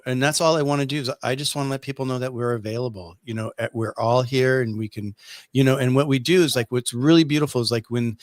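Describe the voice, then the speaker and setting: In a casual video chat, a man representing a pet herbal company talks as a guest, spinning rambling, enthusiastic stories. His voice sits at medium pitch, and the studio sound is clean with no echo.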